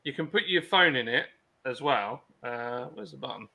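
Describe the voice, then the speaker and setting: A man joining a livestream over a video call, animated and joking, showing off a gadget to the others. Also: mid-range voice, a little slow, creaky. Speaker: livestream guest. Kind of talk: casual chat.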